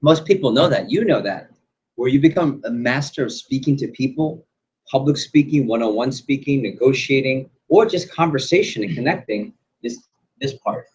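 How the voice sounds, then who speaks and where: A man running a sales training class, animated and quizzing the group with questions. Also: mid-range voice, normal speed. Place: training room. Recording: dull lo-fi recording.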